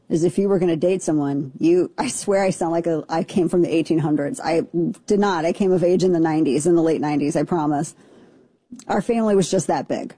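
A woman in her forties co-hosts a casual radio chat, telling stories sprinkled with self-mocking asides. Her voice is fairly low, mellow and husky, captured in a dry recording.

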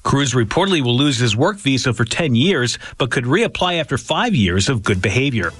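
A man's voice: medium pitch, very animated, moderate pace, a bit bright. A man reading a news report with emphatic delivery. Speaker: news correspondent.

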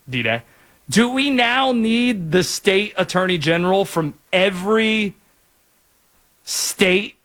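A man from North Carolina hosting a sports talk show, chatting in a lively, jokey way with asides. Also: sits high. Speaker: sports radio host.

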